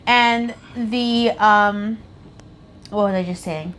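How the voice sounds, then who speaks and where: A woman's voice: medium pitch, slow pace, fairly bright tone. Chatty woman recounting her labour, faint hiss. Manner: matter-of-fact, chiming in and laughing. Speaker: co-host of a couple's channel. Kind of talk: casual storytelling.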